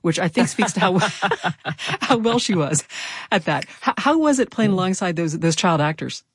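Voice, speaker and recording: A woman's voice: on the low side, expressive, moderate pace, breathy edge, no room sound, clean studio sound. A woman hosting a public radio interview, asking curious, conversational questions. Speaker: radio host.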